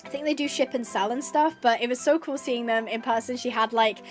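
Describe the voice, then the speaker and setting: A woman's voice: fairly high pitch, a little fast, faint music behind. A woman in her twenties chatting casually while playing a game, bubbly and gushing, with lots of filler words. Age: 20s. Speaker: streamer. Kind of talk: casual chat while gaming.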